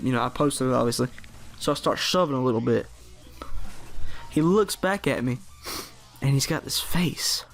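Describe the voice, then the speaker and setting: A teenage guy tells a story to his channel, his voice sitting a bit high for a young man. He rambles, restarts his sentences and leans on fillers. Faint music runs underneath. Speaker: vlogger. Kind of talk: casual storytelling.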